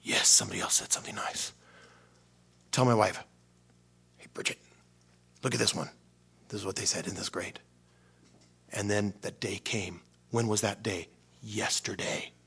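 Animated, self-mocking male preacher. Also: lowish voice, unhurried, vocal fry, pauses often, breathy edge. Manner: animated self-mocking storytelling, acting out dialogue; drops to hushed near-whispers in prayer. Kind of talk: storytelling sermon.

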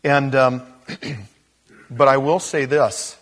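A man's voice: mid-range voice, steady tone, drawn-out words, fairly bright tone. A man preaching in a casual teaching style, reading scripture and adding chatty asides with little acted-out quotes. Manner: casual, chuckles at his own asides, acts out quotes. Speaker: pastor. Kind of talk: conversational Bible teaching.

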